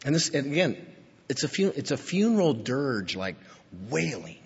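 A man preaching a sermon with deep feeling, his voice going from hushed to emphatic. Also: sing-song, normal speed, slightly rough. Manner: emotional, swinging from hushed to emphatic. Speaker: pastor. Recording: dull lo-fi sound with long hall reverb.

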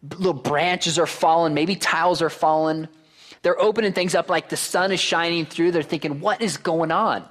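A man preaching a sermon to a congregation, reading verses aloud and putting questions to the crowd. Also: sits high. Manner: animated, asks the crowd questions. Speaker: pastor.

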